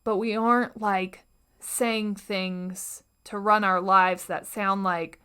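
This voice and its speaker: A woman's voice: mid-range voice, slow pace, clean tone. A young adult woman hosting a solo motivational podcast, talking earnestly and acting out the voices in her head, sometimes dropping to a whisper. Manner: earnest, animated, acts out inner voices, drops to whispers. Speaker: podcast host.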